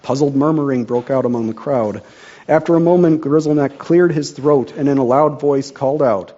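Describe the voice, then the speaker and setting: A man narrating a storybook in a measured, earnest way. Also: medium pitch, warm tone, muffled recording.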